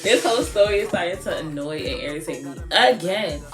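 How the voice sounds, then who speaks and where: Woman vlogger, casual storytime, sassy and lively, lower voice, echoey room, music bed. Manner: sassy, animated, drawn-out words. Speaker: beauty vlogger.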